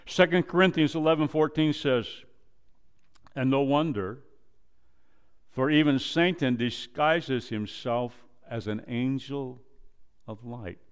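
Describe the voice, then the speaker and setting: A male pastor preaching a sermon, quoting scripture and acting out dialogue, swinging from loud emphasis down to a low hush. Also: smooth. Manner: preaches slowly, rises loud then drops to a low hush; quotes scripture and acts out dialogue.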